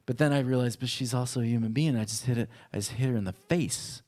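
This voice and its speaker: A male pastor telling a personal story in a sermon, acting out voices from his childhood with lively animation. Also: medium pitch. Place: church.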